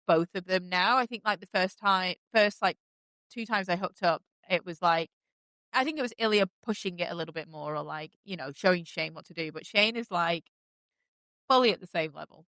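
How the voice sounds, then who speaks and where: A woman's voice: lowish voice, a bit bright, clean tone, no room sound. Gushing, chatty woman podcast host. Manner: gushing, chatty, many fillers and likes. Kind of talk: casual chat recapping a TV show.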